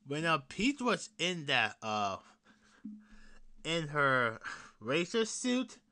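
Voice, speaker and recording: A young man hosting his own podcast, chatting casually in a rambling, laughing way, with frequent restarts and swearing, jumping between loud excited bursts and low mutters. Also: takes it slowly. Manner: excited fan talk that drops to mutters and whispers. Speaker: podcast host. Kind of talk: casual solo podcast chat.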